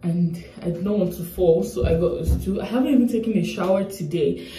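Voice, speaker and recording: A young woman from Nigeria talks straight to her viewers in a loose, emotional ramble. Her voice is mellow and warm. The sound carries a noticeable echo of a room at home. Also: fairly low pitch, a little fast, soft background music. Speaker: vlogger. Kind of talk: casual chat to camera.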